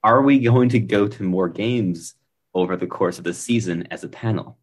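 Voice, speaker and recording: A man co-hosting a casual podcast keeps the talk moving with teasing questions. His voice sits low and has a husky grain. He sounds relaxed and conversational. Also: normal speed. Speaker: podcast co-host. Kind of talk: casual chat.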